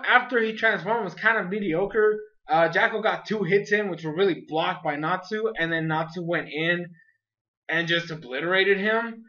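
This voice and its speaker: A bright, sharp-toned voice of an anime reviewer chatting casually through an episode. The talk is loose and peppered with "like", and it swells into animated retellings of the scenes. The recording sounds dull and lo-fi. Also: mid-range voice.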